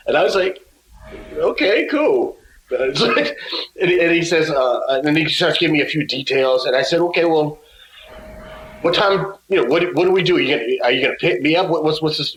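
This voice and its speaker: Animated man telling stories in a roomy room. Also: on the high side, fairly quick, slight background noise. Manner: animated, acts out other people's lines in his stories. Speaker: musician guest. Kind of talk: casual interview storytelling.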